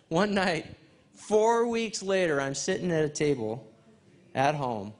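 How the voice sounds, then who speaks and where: A man preaching at a men's fellowship, telling a personal testimony in an animated storytelling way and acting out conversations. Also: a little high, takes it slowly. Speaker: guest speaker at a men's fellowship. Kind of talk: testimony sermon.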